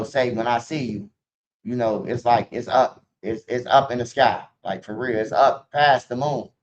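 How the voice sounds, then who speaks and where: A man's voice: mid-range voice, slight background noise. A man talking casually to the camera in a rambling, profane street manner, recorded with dull lo-fi sound.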